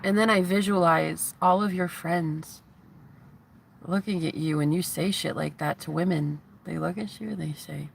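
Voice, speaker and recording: A woman's voice: lowish voice, steady tone, moderate pace, gravelly, slight background noise. A woman in her thirties, a spiritual vlogger, giving a heated, profane, taunting rant to the camera. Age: 30s.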